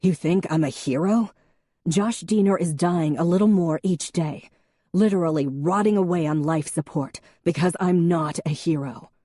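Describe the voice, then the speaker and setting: A woman narrator voicing a haunted man, forceful in anger and low when he goes quiet. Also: moderate pace, no echo, studio quality, lightly acted. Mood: angry.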